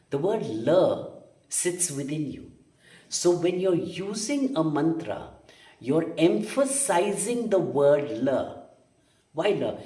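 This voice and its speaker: A man's voice: mid-range voice, a little mellow. Man, meditation teacher, emphatic and repetitive, roomy sound, distant mic. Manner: emphatic, repeats phrases, asks rhetorical questions. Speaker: energy healer and meditation teacher. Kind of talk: spoken meditation lesson.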